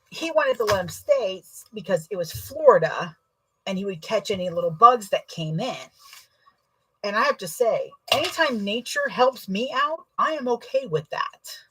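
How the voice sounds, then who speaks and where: A young adult woman chatting casually while sewing, telling rambling, self-deprecating stories with a husky voice. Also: mid-range voice, fairly bright tone, a little hiss or hum, poor audio. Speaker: sewing vlogger.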